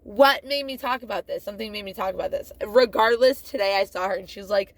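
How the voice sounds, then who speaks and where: Rambling woman with a gravelly edge. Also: medium pitch, fast. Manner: rambling, profane, laughs often, loses track. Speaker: vlogger. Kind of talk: rambling casual monologue.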